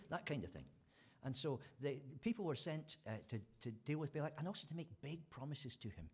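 A man's voice: mid-range voice, animated, quick pace, darkish tone, slightly rough. A man preaching an informal sermon, retelling a story in a chatty way with fillers and restarts.

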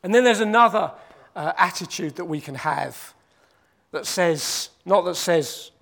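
A man's voice: high-pitched, animated, measured pace, vocal fry, fairly bright tone. A man preaching a sermon. He repeats his points for emphasis and acts out the quoted voices.

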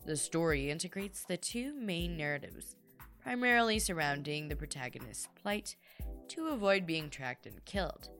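A woman reads a short book review in an expressive, promotional manner. Her voice sits on the lower side and swings widely in pitch. Faint music plays underneath. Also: normal speed.

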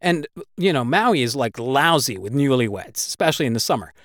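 A man's voice: medium pitch, expressive, a little fast, a bit bright, no room sound. A man recounts a gripping personal story, swearing freely as the words tumble out. His delivery turns heavy with emotion at times. The sound is dry and close, with no room around it. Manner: swears constantly, breathless retelling; emotional, gets worked up.

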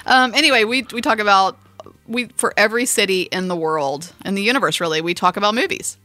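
A woman's voice: medium pitch, fast, sharp tone, dry recording. A woman co-hosting a movie podcast in casual chat, playful and goofy, laughing often. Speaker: podcast co-host.

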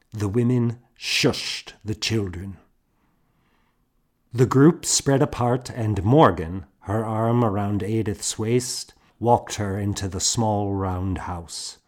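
A man narrating a story in a measured storytelling manner. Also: fairly low pitch, a little mellow. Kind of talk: scripted narration.

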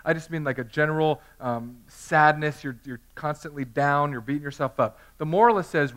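A man's voice: a little high, fairly bright tone. A man in his thirties preaching a sermon in a conversational, self-deprecating way, telling personal stories. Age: 30s. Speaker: pastor.

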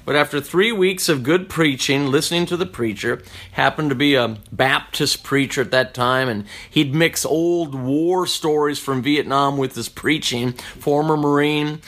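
A man giving a personal conversion testimony in a reflective, unhurried way, often restarting his sentences. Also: a little high, a bit bright.

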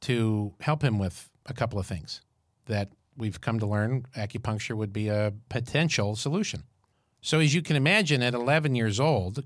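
A man in his fifties, co-hosting a podcast, who tells stories in an animated, joking way. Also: fairly low pitch, no room sound, studio quality. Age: 50s. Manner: storytelling, animated and jokey. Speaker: podcast co-host. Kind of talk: casual chat.

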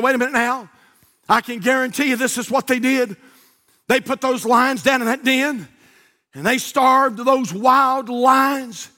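Male preacher, very high and sharp-toned, impassioned shouting sermon cadence. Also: measured pace. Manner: impassioned, shouting with rhythmic repetition. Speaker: pastor.

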